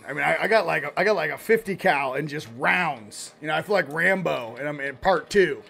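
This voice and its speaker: A man hosts a loose, casual card-reading stream. His voice sits high and has a gravelly edge. He rambles in a fired-up way, restarting his sentences, while faint music plays in the background. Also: lively intonation, fairly quick, hardly any pauses, bright, forceful tone.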